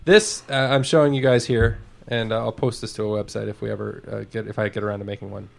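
A man's voice: on the low side, fairly even intonation, fast, gravelly. A man hosting a casual podcast chat, easygoing and chuckling as he leads a new segment. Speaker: podcast host.

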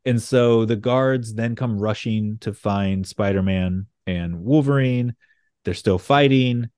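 A man's voice: lowish voice, slow pace, darkish tone, clean tone, dry recording, clean studio sound. A man co-hosting a podcast, recapping an episode in casual, profane chat and laughing as he paraphrases the characters. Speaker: podcast co-host.

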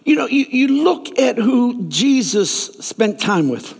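Animated gravelly preacher in a big hall. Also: male voice, extremely high pitch, slow. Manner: animated, acts out characters' lines in raised voices. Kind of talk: sermon storytelling. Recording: long reverb of a large hall.

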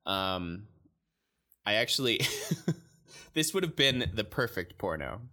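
A man's voice: lowish voice, big pitch swings, takes it slowly, sharp tone. A man co-hosting a podcast in casual chat, recapping an episode and joking with frequent laughter. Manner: laughs often, joking and playful. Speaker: podcast co-host.

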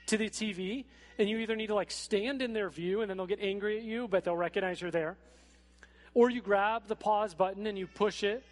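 High-voiced pastor in an echoey hall. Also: male voice. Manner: conversational and animated, with casual fillers. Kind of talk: sermon. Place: church sanctuary.

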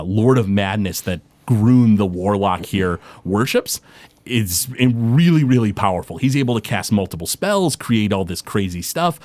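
A man running a tabletop game as game master, animated and halting with frequent restarts. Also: lowish voice, dry recording.

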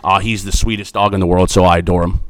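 A friendly school principal talks easily with students, upbeat and a little jokey. His voice sits low. The mic is close and the sound is dry, with no room echo. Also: little pitch movement, fast. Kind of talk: casual interview answers.

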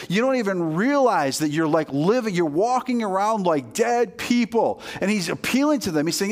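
A man's voice: sits high, lively intonation, normal speed, hardly any pauses. A pastor preaching a sermon to his congregation with energy, often checking in with "all right".

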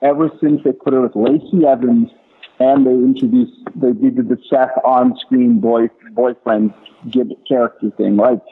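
A man's voice: medium pitch, fairly even intonation, moderate pace, slightly rough. A man hosting a casual wrestling podcast chat, giving emphatic, opinionated takes. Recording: tinny phone-like line with faint hiss.

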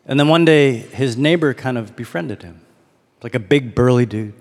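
A man's voice: mid-range voice, moderate pace, darkish tone. A man giving a sermon as a pastor, in a casual storytelling manner that leans on rhetorical questions. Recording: long hall reverb.

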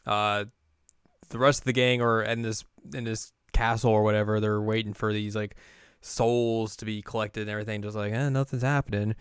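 A man recaps an anime in a loose, rambling way, like a co-host chatting with a friend. His voice is smooth and clear. The room sounds dry and close. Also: fairly low pitch, flat delivery, normal speed, dry recording. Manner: loose, rambling, laid-back. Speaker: podcast co-host. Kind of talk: casual chat recapping an anime.

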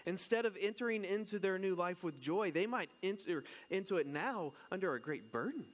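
A man's voice: sits high, animated, brisk. A man, a pastor who is married and has children, giving a casual, conversational sermon. He jokes and keeps asking his listeners questions. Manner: chatty and joking, asks the congregation questions.

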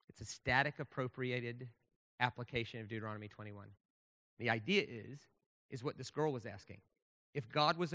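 A man's voice: mid-range voice, a bit bright, big-room sound. A man pastor giving a conversational sermon, asking the audience rhetorical questions.

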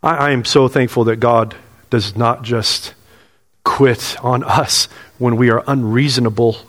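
A man's voice: mid-range voice, steady tone, a little slow. A pastor preaching a sermon in earnest, repeating his phrases and asking the congregation questions. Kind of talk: expository sermon. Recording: long hall reverb.

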